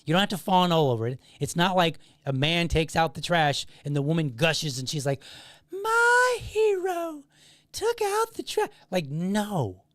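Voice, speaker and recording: A man hosting his own podcast, thinking his points through in a measured, explaining way. His voice sits a little high for a man. The sound is dry and close, with no room echo. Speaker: podcast host. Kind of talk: solo podcast commentary.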